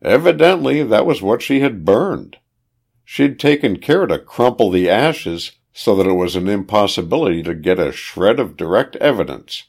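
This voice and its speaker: Guy with a really deep voice reading an old spy story, slow and dramatic. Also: big pitch swings, gravelly, a little mellow, slightly rough. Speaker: narrator.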